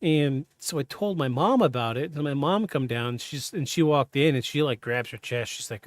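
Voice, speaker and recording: A man hosting a podcast, telling a personal story in a halting, candid, self-interrupting way. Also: medium pitch, no echo. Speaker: podcast host. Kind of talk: casual storytelling.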